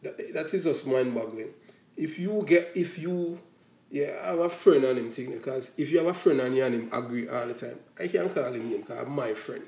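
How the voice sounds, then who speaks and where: Jamaican man, mid pitch, warm and mellow tone, rambling patois commentary, roomy echo. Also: moderate pace, gravelly. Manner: rambling, mixes patois with standard English. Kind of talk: casual opinion monologue.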